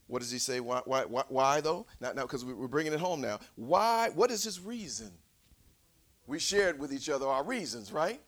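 A male preacher delivering a sermon, swinging from shouts to near whispers and calling out for responses from the congregation. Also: medium pitch, animated, normal speed.

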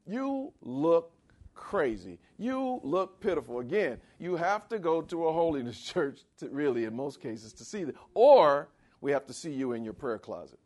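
A man preaching a sermon in a conversational style, asking for amens and swinging between loud and quiet. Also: very animated, moderate pace. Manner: dramatic swings in pitch and volume. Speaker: pastor.

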